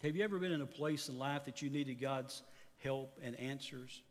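A pastor in his fifties preaching a sermon earnestly, his voice rising on exhortations and dropping low at the ends of phrases. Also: moderate pace, in a large hall. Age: 50s.

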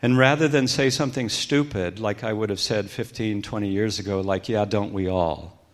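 A middle-aged man speaks in a low register with a gravelly edge. He tells a personal story as a guest speaker. His delivery is reflective, and his voice grows hushed when he repeats what others said. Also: normal speed. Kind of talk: personal testimony talk.

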